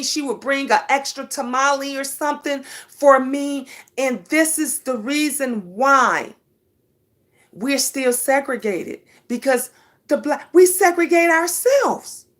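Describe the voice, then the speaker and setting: A middle-aged woman talks straight to her viewers, calling them honey. Her voice sits a little high. She tells her story emphatically, with lots of animation. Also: fairly bright tone. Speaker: vlogger. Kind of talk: casual storytelling monologue.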